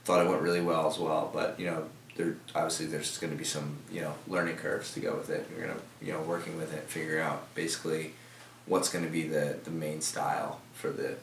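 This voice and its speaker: A man's voice: a bass voice, flat delivery, fairly quick, creaky, slight background noise. A young man talking casually in an interview, rambling with many fillers and restarts, in an office. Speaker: team member guest. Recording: echoey room from a distance.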